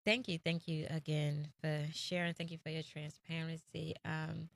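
A woman hosting an interview, speaking gently and encouragingly. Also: sits low, little pitch movement, normal speed, gravelly. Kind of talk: interview conversation.

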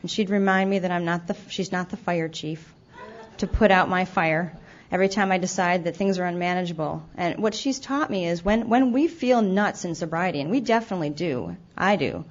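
A woman's voice: fairly low pitch, brisk. A woman giving a candid, self-deprecating recovery talk, stumbling over restarts now and then. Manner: acts out her own past remarks. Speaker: speaker sharing her recovery story. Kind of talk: personal testimony talk. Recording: dull lo-fi event recording.

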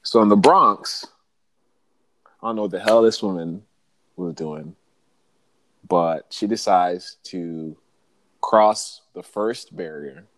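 A man hosting a podcast, telling a story with animated jokes, swearing and laughter in a casual chat. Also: deep voice, slow pace, pauses often, dry recording. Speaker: podcast host.

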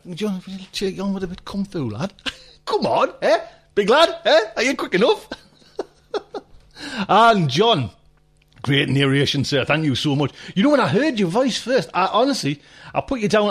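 A man hosting a fiction podcast, thanking the author and narrator in a jokey, hearty manner. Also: high-pitched. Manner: jokey, hearty, banter-filled. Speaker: podcast host. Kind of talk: casual chat.

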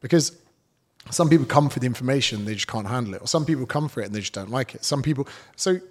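A man's voice: medium pitch, animated, fast. A British man, a fitness trainer, telling stories as a guest in a casual podcast interview, blunt and swearing freely.

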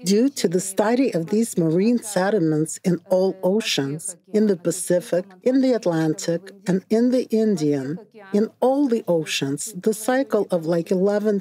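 A woman's voice: medium pitch, dark tone, low-quality recording. A woman panel participant explaining, with occasional fillers. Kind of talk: panel discussion.

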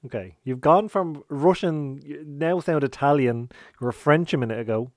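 A man's voice: on the high side, moderate pace, darkish tone, no echo, studio quality. Casual, swearing podcast host, man. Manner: swearing, playful, teasing. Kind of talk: casual chat.

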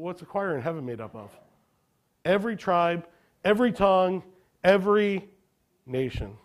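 High-voiced man preaching a sermon. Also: darkish tone. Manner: asks the congregation questions and answers them. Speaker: pastor.

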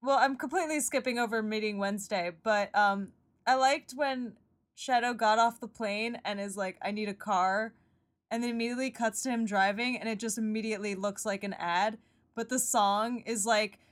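Casual podcast co-host, woman, slightly high pitch, rambling and giggly delivery. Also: normal speed. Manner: rambling, giggly, lots of fillers. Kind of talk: casual chat about a TV show.

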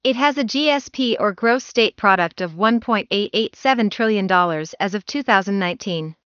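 A woman's voice: medium pitch, normal speed, a bit bright, dry recording. A woman from Canada reads a field news report in a formal, wordy manner. The recording sounds dry and a little dull, with no room around the voice.

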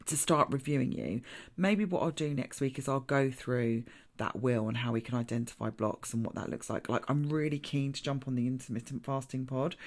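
Female podcast host, low voice, casual rambling solo chat, self-interrupting. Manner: chatty, self-interrupting, laughs at own slips.

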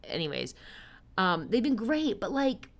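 A woman's voice: medium pitch, sing-song, unhurried. A young woman hosting a casual solo podcast, chatty and upbeat, who loses her train of thought and pokes fun at herself. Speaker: podcast host and stage performer.

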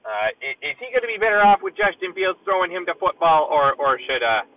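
A man's voice: sits high, very animated. Chicago guy leaving a rambly voicemail, lots of uhs and stops, sounds far from the phone, tinny line with faint road noise. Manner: halting, many filler pauses. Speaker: voicemail caller.

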